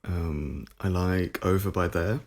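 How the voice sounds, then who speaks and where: A man's voice: low-pitched, steady tone, takes it slowly, darkish tone. A man from Somerset with a near-standard southern English accent, chatting casually on a podcast in a thoughtful, hesitant way with many fillers. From Somerset, England.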